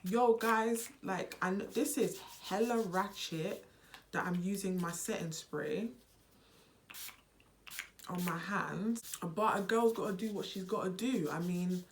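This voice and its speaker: A young British woman chatting on her vlog in an animated, playful way, switching between a British and a Nigerian accent. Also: mid-range voice, slow pace, a little hiss or hum. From United Kingdom. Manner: animated and unserious. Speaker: vlogger. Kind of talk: casual vlog chat.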